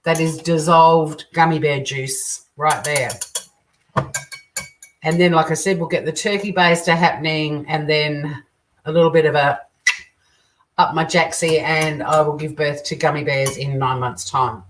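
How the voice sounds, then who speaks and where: A woman's voice: sits low, steady tone, unhurried, slight background noise. An Australian woman hosting a casual live cooking stream, chatting, joking crudely and reading out viewer comments as she cooks. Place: home kitchen. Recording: distant mic with faint kitchen clatter. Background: clinking dishes and cutlery.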